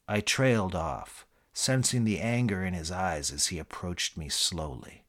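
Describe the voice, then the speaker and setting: A man narrating a comic memoir in a dry, deadpan scripted delivery. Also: low voice, a little slow, few pauses. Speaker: audiobook narrator.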